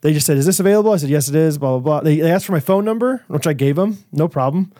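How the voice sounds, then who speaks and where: A man's voice: fairly high pitch, very fast, no room sound, clean studio sound. A man co-hosting a podcast, telling a story in casual chat, laughing often and acting out what people said. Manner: animated storyteller, laughs often, acts out quotes. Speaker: podcast co-host.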